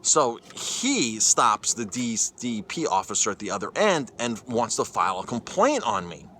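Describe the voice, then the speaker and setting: Bright-voiced man telling a story. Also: mid-range voice, moderate pace, slight background noise. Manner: animated, often repeats and restarts words. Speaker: chef and cyclist vlogger. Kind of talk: casual storytelling to camera.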